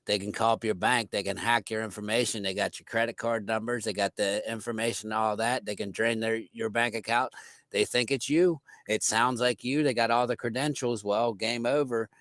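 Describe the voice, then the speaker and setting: A man's voice: on the low side, dry recording. A man co-hosting a podcast, talking loosely and casually with plenty of fillers. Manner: loose, relaxed, filler-heavy. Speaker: podcast co-host.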